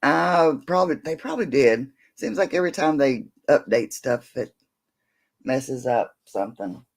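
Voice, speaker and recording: A woman's voice: rumbling low, expressive, moderate pace, vocal fry. An older woman hosting a late-night casual livestream, rambling as she reads out viewer comments and talks to her dog in between. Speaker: livestream host.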